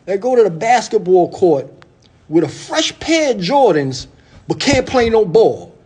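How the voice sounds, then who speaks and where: Guy doing his older roommate clowning him, high jeering voice, kinda husky. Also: very animated, a little slow, darkish tone, full character voice. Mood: mocking. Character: mocking older male roommate and mentor.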